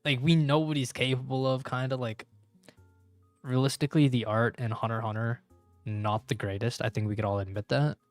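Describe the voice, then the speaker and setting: A man's voice: medium pitch, steady tone, brisk, dry recording. A young man streaming live and reacting as he reads manga. His talk is slangy and rambling, full of fillers, with faint music behind. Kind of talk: casual live-stream commentary.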